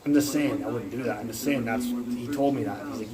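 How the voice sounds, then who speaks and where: A man's voice: mid-range voice, brisk, hardly any pauses, over a noisy crowd, low-quality recording. A man rambling through stories on a phone livestream, swearing and jumping between topics. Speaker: livestream host. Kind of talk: rambling casual livestream chat.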